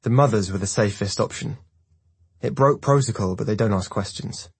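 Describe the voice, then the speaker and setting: Husky low-voiced male narrator. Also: normal speed, no echo. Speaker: audiobook narrator. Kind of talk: scripted narration.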